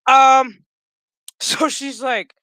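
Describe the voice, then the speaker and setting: A woman in her thirties rants her way through a TV episode recap, swearing constantly and animatedly. Her voice is forceful and the sound is close and dry. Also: sits high, extremely slow, no echo. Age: 30s. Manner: ranting, heavy swearing, animated. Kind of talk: casual profane episode recap.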